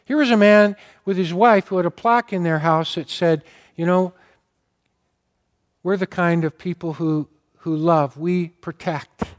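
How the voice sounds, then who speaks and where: High-voiced male pastor preaching earnestly. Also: unhurried. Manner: earnest, emotional storytelling, gets choked up. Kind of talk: sermon.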